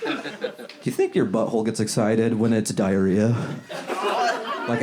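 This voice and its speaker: A male stand-up comedian working a club crowd in a loose, conversational way, now and then jumping into high, silly voices. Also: very animated, a little slow, pauses often. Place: comedy club before a live audience. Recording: loud crowd laughter around the voice.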